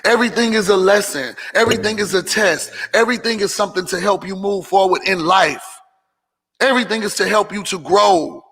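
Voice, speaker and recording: A man's voice: sits high, brisk, a bit bright, slightly rough. A man giving casual motivational talk to his followers, preachy and repeating phrases for emphasis. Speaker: motivational vlogger hosting a Q&A. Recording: long hall reverb.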